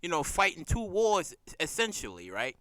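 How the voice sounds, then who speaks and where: A man recapping a TV episode in casual, profane chat, animated and laughing as he acts out scenes. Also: fairly high pitch, moderate pace, no echo.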